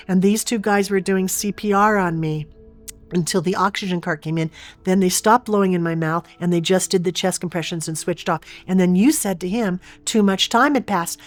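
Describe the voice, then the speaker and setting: A woman guest in an interview, earnestly and vividly retelling a personal experience. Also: on the low side.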